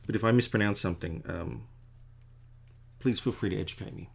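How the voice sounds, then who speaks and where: A middle-aged man with a low, husky voice and vocal fry talks briskly while drawing. His commentary is casual and rambling, full of digressions and jokes at his own expense.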